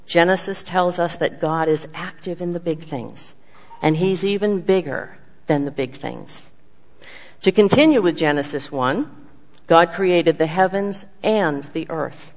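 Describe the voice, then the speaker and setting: An earnest speaker giving a sermon with personal testimony, swinging from emphatic lines to hushed ones. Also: medium pitch, unhurried. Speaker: speaker giving a devotional message. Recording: dull lo-fi sound with long hall reverb.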